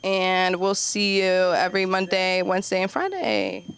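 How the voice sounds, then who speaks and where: A woman's voice: medium pitch, level tone, normal speed, noisy background. A woman doing a stand-up comedy set on a club stage, chatty and self-deprecating, with lots of "like". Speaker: stand-up comic and show host.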